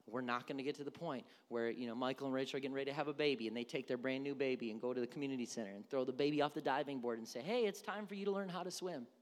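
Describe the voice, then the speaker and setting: A man's voice: mid-range voice, fairly even intonation, very fast, few pauses. A male pastor preaching a conversational sermon, asking his congregation questions. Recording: reverberant hall.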